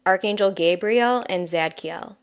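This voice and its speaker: Healer lady doing a card reading, lowish voice, soft, chatty, laughs a lot. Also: unhurried, smooth. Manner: soft, rambling, laughs often. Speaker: intuitive healer channeling a reading. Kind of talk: casual spiritual guidance talk.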